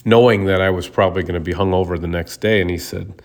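A man's voice: deep voice, fairly even intonation, fast. A man from Minnesota hosting a show, telling funny stories in a casual, rambling way with hesitant restarts. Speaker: podcast host. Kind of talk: casual monologue.

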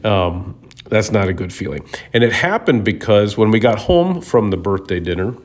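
A man from Minnesota talks through funny stories as a show host, in a voice a little lower than most. He rambles, jokes and restarts, and his pitch jumps up when he gets excited. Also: normal speed. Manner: rambling, joking storyteller with hesitant restarts. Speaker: podcast host. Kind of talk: casual monologue.

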